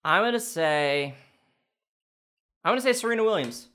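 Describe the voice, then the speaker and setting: A young man with a lively, far-ranging pitch hosts his own sports quiz for laughs. He reasons out loud, bursts into shouts when he scores, then drops to quiet grumbles when he misses. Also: moderate pace. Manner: animated, thinks out loud, swings from shouting to muttering. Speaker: quiz contestant and host. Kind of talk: comedic solo quiz challenge.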